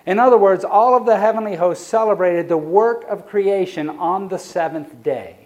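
A man preaching a sermon in a voice a touch higher than most men's. He stretches key phrases slowly and rushes asides. He sinks to near-whispers when he voices a quiet reflection. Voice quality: sighs for emphasis. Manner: varies pace and loudness, slows on key phrases, drops soft for quoted reflections.

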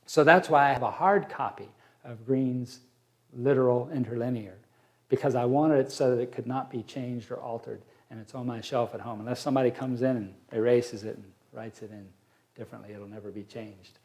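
A man teaching a Bible study, reading verses aloud and explaining them slowly with fillers. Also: medium pitch, a little mellow.

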